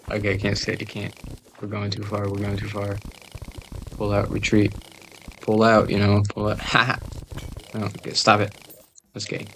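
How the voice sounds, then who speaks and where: A man's voice: fairly low pitch, creaky, fairly bright tone, a little hiss or hum. A man joking and rambling through casual gameplay commentary, often trailing off into mumbled asides. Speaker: gamer recording gameplay.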